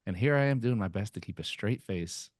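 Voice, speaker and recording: A man's voice: fairly low pitch, animated, a little fast, dry recording, clean studio sound. A man hosting a live talk in an event space, upbeat, jokey and informal. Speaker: event host.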